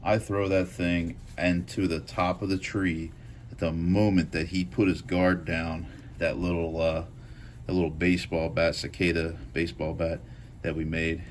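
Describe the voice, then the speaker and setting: A man's voice: low-pitched, little pitch movement, moderate pace, slight background noise. A man hosting a knife channel, telling a loose, profane story to the camera, full of fillers and asides.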